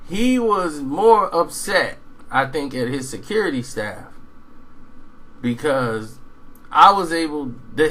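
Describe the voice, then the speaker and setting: A man telling a rambling, animated story in casual monologue, acting out quoted dialogue. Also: on the high side, low-quality recording.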